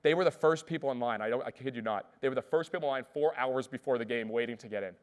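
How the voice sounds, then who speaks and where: A man giving an energetic keynote speech, telling stories and asking the audience questions. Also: mid-range voice, fast talker. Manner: lively, asks the audience questions. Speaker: keynote speaker.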